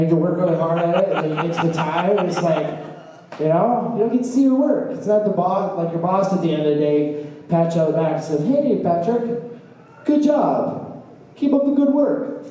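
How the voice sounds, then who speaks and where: A man's voice: on the high side, warm tone. Rambling stand-up man in an echoey bar. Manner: halting, meandering delivery with fillers and trailing asides. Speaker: open mic comedian. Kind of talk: stand-up comedy set. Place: small bar open mic stage, indoors. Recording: echoey bar from a distant camera with faint room noise.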